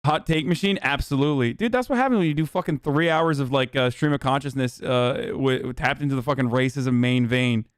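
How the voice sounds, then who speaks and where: Profane male streamer with a smooth, dry voice. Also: mid-range voice, a little fast, few pauses, no room sound. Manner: profane, blunt, laughing scorn. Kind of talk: casual reaction commentary.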